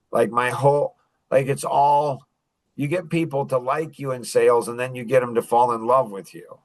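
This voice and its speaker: A man gives a casual sales lesson, lively and hands-on, acting out lines he would say to a customer. His voice is mid-pitched and plainly recorded, dry with no room sound. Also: no echo, low-quality recording. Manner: animated, acts out sales lines, frequent restarts. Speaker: sales coach. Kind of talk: casual teaching talk.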